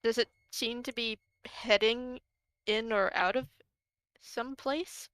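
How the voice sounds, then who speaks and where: A woman's voice: on the high side, steady tone, takes it slowly, fairly bright tone, smooth, dry recording, rough recording. A woman playing in a tabletop game, chatting casually with playful reactions. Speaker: player. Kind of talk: casual chat.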